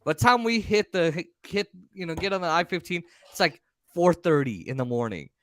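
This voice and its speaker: Animated, bright-voiced man telling stories. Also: a little high, fairly quick. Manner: animated, profane, acts out voices. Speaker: podcast co-host. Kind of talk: casual storytelling chat.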